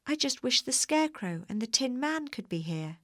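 A woman voices an earnest little girl, pushing her voice up to a fairly high, fairly bright pitch. She's very animated at a moderate pace, in a studio-quality recording with no room sound.

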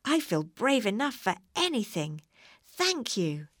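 A slow, earnest cowardly lion, as a woman puts him on. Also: mid-range voice, very animated. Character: big timid male lion turning brave.

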